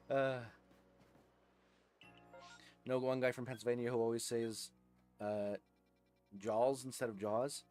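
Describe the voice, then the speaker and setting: A young man with a New Jersey accent rambles casually while streaming a game. His voice sits at an ordinary mid pitch, and he laughs a lot, circling back over his words and filling gaps with ums and likes. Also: steady tone, a little slow, long pauses, a little mellow, faint music behind. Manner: rambling, chuckling, many fillers and restarts. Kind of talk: casual live-stream chat while gaming.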